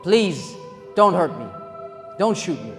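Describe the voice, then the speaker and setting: Preacher doing a desperate pleading robber man, high voice, long hall reverb, faint music. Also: a little fast, close to an everyday voice. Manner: pleading, earnest.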